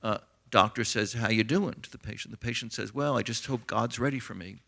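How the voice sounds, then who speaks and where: A man's voice: mid-range voice, a little fast, vocal fry, pushed and bright. A middle-aged American man, an author and physician, tells anecdotes with many fillers and retold dialogue in a conversational interview.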